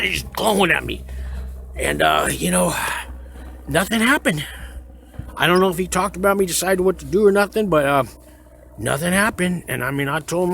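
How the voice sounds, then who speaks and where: A man's voice: fairly high pitch, a little fast, gravelly, fairly bright tone, a little hiss or hum. A man rambling through a personal story in a casual, profane way, often breaking off mid-sentence. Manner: rambling, profane, self-interrupting. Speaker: vlogger recounting prison experiences.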